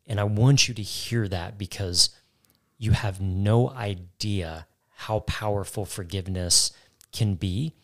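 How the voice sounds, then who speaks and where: Deep-voiced man giving earnest faith testimony. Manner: earnest, emphatic, repeats phrases for weight. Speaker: co-host. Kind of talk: faith talk, personal testimony.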